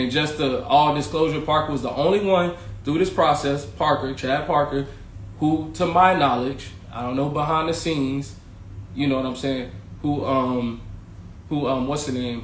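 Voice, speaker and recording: A man with a mid-range voice hosts a podcast. He was once a teacher, and he casually recounts his own story to his viewers, talking straight to them with slang and plenty of swearing. The echoey room carries faint ambience, plus a little hiss or hum.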